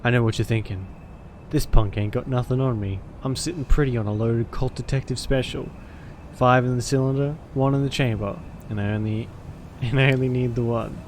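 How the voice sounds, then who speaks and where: A man's voice: mid-range voice, moderate pace, a little mellow, a little hiss or hum, lightly acted. A man reading as a cocky tough-talking young vampire. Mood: swaggering. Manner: tough-guy swagger.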